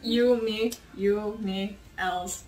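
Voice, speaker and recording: A woman's voice: medium pitch, steady tone, extremely slow, a little mellow, poor audio. A woman cosplayer joking playfully with her friends while they make candy. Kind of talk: casual chat.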